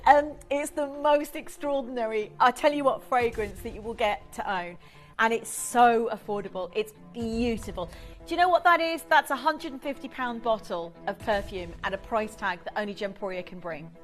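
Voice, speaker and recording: A woman's voice: a little high, lively intonation, moderate pace, faint music behind. A woman presenting a live TV shopping show, chatty and effusive as she sells to viewers from the studio. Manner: effusive, chatty, enthusiastic selling.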